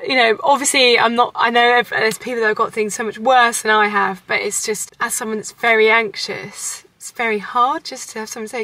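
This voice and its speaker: A woman's voice: on the high side, steady tone, brisk, hardly any pauses, sharp tone. A woman in her twenties with a British accent, chatting casually to camera in a vlog, rambling and self-deprecating. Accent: British English. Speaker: vlogger.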